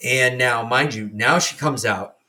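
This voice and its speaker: A man's voice: mid-range voice, a little slow, sharp tone. A man in his forties telling a story casually on a podcast, profane and laughing as he goes. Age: 40s. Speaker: podcast co-host.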